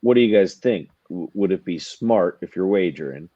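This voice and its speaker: A man's voice: sits low, animated, moderate pace, no room sound, dull audio. A man co-hosting a podcast, making his case for sports bets in casual chat, emphatic and repeating himself for effect. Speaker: podcast co-host.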